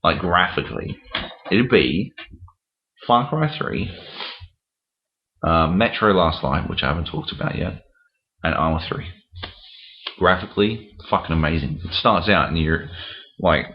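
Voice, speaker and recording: A deep-voiced Australian man chatting casually as a podcast co-host, blunt and quick to swear. The recording is dull and lo-fi, with muffled highs. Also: a little hiss or hum. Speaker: podcast co-host, games reporter. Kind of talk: casual chat.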